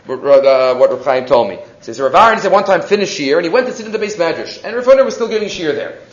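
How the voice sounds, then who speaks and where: A man giving a weekly Torah lesson, telling stories in a lively way and acting out the voices of the people in them. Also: fairly high pitch, quick pace. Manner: animated storyteller who acts out quoted voices. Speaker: Torah class teacher. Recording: echoey room, dull lo-fi sound.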